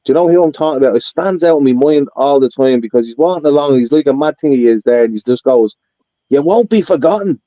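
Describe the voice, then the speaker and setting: A man's voice: medium pitch, fast, few pauses, mellow, no room sound, lo-fi sound. A man in casual podcast chat, blunt and swearing as he tells stories. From Ireland.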